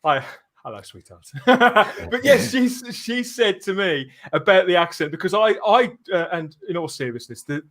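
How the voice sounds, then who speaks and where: Chatty, earnest high-voiced man. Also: expressive, unhurried, fairly bright tone. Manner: chatty and earnest, laughs easily. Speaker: podcast guest. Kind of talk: casual podcast discussion.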